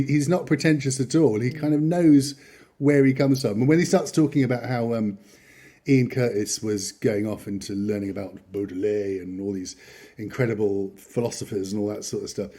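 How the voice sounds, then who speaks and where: A man's voice: mid-range voice, mellow. A man hosting a podcast in casual chat, rambling and chatty, often chuckling as he talks. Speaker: podcast host.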